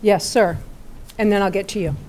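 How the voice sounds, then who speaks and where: A woman chairing a town board meeting, brisk and procedural as she moves through the agenda. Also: mid-range voice, darkish tone, slight background noise.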